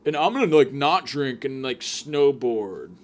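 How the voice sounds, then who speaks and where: A man putting on the voice of a dim, rich young party bro who talks slowly and slurs as if a bit drunk, every line rising like a question. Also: medium pitch, big pitch swings. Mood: drawling. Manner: slow, slurred, sounds a bit drunk; drawls, ends everything like a question.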